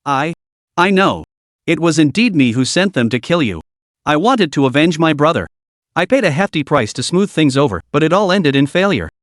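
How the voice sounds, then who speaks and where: A man's voice: on the high side, sing-song, moderate pace, no room sound. Give me a man playing a cowardly gangster who stammers and pleads, with a dry close sound. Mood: pleading. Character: cowardly male gang rival, lying and pleading.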